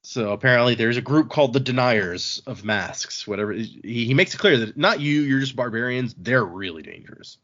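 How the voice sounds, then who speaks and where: A man's voice: mid-range voice, lively intonation, a little fast, hardly any pauses, fairly bright tone, lo-fi sound. A man hosting a podcast, casually recapping book chapters in a rambling way and paraphrasing characters with a chuckle. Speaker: podcast host.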